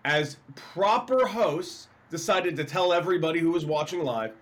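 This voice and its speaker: Animated man telling a sports story. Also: fairly high pitch, normal speed, rough recording. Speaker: co-host. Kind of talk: casual sports talk.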